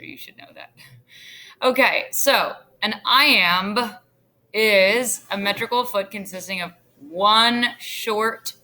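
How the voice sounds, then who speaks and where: A woman teacher giving a recorded screencast lesson in a deliberate, teacherly way with occasional fillers. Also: mid-range voice, sharp tone. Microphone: computer screen recording.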